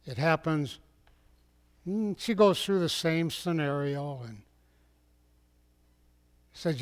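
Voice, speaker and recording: A man's voice: fairly high pitch, animated, takes it slowly, pauses often. A man preaching a storytelling sermon in a folksy way, speaking directly to his listeners. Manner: folksy, addresses the audience directly. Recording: long hall reverb.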